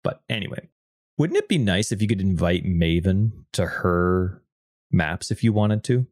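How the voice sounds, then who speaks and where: A Canadian man with a fairly low voice chats on a gaming podcast, playful and rambling as he jumps between topics. His close, dry microphone sound has almost no room in it. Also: animated, a little mellow, no echo. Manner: playful, rambling, quick to laugh. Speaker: podcast co-host. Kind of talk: casual gaming podcast chat.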